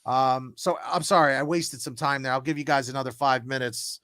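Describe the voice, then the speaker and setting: A young man hosting a casual tarot livestream, telling animated stories with big swings in pitch and volume. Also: brisk, no room sound, clean studio sound. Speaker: tarot reader, stream host.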